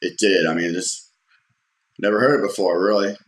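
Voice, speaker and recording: Man, deep voice, loose anecdotal storyteller, pops up for quoted lines; roomy echo. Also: moderate pace. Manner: rambling, many fillers and restarts; acts out quotes in a raised voice. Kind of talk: casual personal storytelling.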